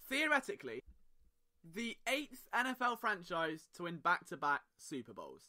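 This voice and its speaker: Young British male podcast host, jokey and rambling, bright tense tone. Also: high voice. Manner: chatty, jokey, rambling asides. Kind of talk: casual sports podcast monologue.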